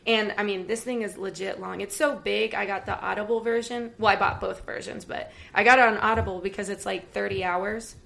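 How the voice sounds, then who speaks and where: Chatty woman with a gravelly edge. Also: medium pitch, fairly quick, few pauses. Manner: chatty, animated storytelling with laughs. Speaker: podcast co-host. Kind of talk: casual chat.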